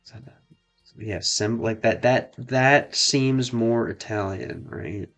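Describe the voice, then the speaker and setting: A man with a medium pitch and a fairly bright tone talks through his game stream with faint music behind him. He's an American learning French, so his casual chat comes out halting as he experiments with phrases and repeats himself.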